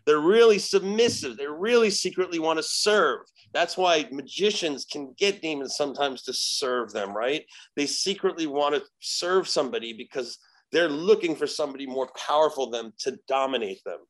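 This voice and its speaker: A man, a shaman guest on a podcast, telling a story in casual chat, animated and profane. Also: fairly high pitch, moderate pace. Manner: animated, profane, acts out quoted dialogue.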